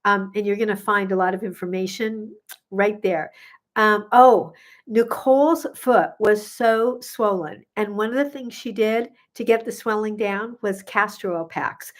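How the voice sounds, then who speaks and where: A woman's voice: mid-range voice, fairly even intonation, normal speed. A middle-aged woman, a gut health coach, chatting casually on a live stream, bubbly and effusive with many ums, a little sniffly. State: sniffly from pollen.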